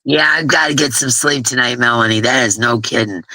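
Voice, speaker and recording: A woman's voice: a bass voice, brisk, bright, forceful tone, no echo. A woman hosting a crochet livestream, chatting casually and laughing at herself while exhausted from little sleep. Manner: chatty, laughing, self-deprecating. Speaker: crochet channel host.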